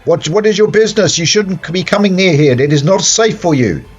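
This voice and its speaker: A man's voice: animated, brisk, husky. A man voicing a masked male plague doctor who sternly turns travellers away from a barricade. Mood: stern warning. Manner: stern warnings in a high put-on voice. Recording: dull lo-fi sound with faint music.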